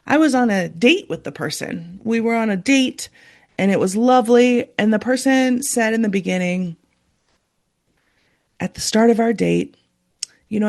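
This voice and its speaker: A woman's voice: on the high side, darkish tone. A woman hosting a podcast, talking earnestly and confessionally as a coach about her own relationships. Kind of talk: personal storytelling monologue.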